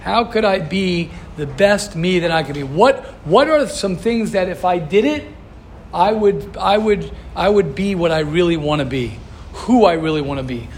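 A man's voice: high voice, lively intonation, moderate pace, slight background noise. A man, a rabbi, giving a class in an earnest, coaching way, pressing his listeners with repeated questions. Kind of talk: Torah class talk.

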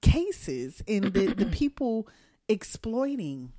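A woman's voice: mid-range voice, very animated, slow, warm tone, no echo, studio quality. A woman co-hosting a podcast with joking, giggly banter. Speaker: podcast co-host. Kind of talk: casual chat.

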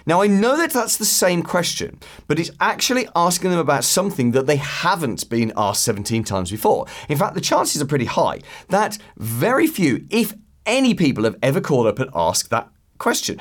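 A man hosting a solo podcast, talking casually and acting out phone calls in quick put-on voices. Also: mid-range voice, huge pitch swings. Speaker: podcast host.

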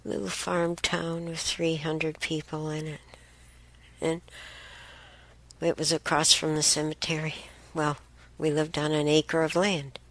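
Slow, low-voiced woman telling stories. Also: level tone, a bit bright. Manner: unhurried, rambling with fillers and restarts. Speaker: host. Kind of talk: casual storytelling.

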